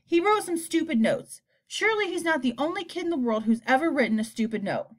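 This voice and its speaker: A woman's voice: high-pitched, animated, voice pushed up. A woman voicing a combative, indignant mother. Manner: sharp, argumentative, rapid.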